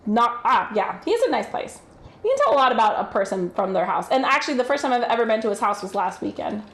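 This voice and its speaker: A woman's voice: on the high side, very animated, quick pace, echoey room. A woman with a general American accent, casually chatting while cooking on a livestream, reading chat aloud and swearing freely. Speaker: streamer.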